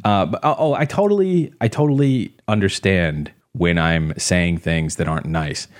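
A man's voice: deep voice, normal speed. A man in a casual podcast chat, blunt and profane, rambling and laughing often. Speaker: podcast co-host.

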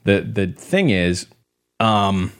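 A man's voice: on the low side, sing-song, very slow, a bit bright, clean tone. A man in a casual podcast chat, blunt and profane, rambling and laughing often. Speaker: podcast co-host.

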